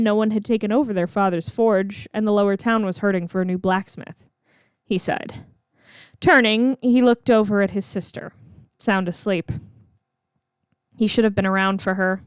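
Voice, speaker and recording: A woman reading her own fan fiction aloud in a steady, expressive storytelling voice. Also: medium pitch, moderate pace, clean tone, no echo, clean studio sound. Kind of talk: storybook read-aloud narration.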